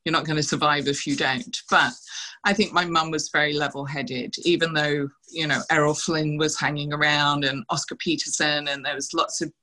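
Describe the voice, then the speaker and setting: Bright-voiced woman telling stories. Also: deep voice, normal speed, rough recording. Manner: animated anecdotes, quoting others with laughs. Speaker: interview guest, former showgirl dancer. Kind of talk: casual storytelling interview.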